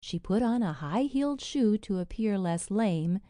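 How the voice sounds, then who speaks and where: A woman's voice: mid-range voice, unhurried, no echo, clean studio sound. A woman narrating a fairy tale in storybook style, reading the spoken lines with feeling. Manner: expressive, reads quoted lines with feeling.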